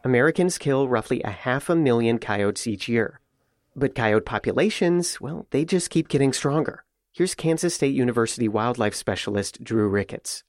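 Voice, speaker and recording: A male radio reporter narrates a scripted feature in a measured, steady voice. His voice sits mid-range, and the close mic gives a dry, dead studio sound. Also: medium pitch, dry recording. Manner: measured, even storytelling delivery.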